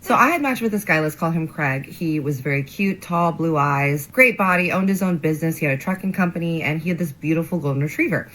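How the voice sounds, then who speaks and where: A woman's voice: low-pitched, brisk, hardly any pauses, a bit bright, low-quality recording. A young woman telling a dating storytime in a bubbly, chatty, sassy way. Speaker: storyteller in a played short clip.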